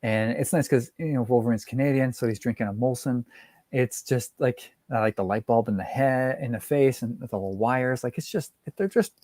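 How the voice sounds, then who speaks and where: A man's voice: medium pitch, moderate pace, warm tone, no room sound. A man in casual chat as a guest, rambling with frequent laughs and restarts, over a video call. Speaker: guest comic art collector.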